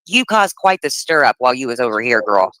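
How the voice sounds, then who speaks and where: A woman trades gossip on a live stream in quick, emphatic bursts. Her voice is bright and forceful, and it sounds dry and close to the mic. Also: extremely low pitch, very animated, no room sound, rough recording. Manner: sassy, emphatic, fast gossip.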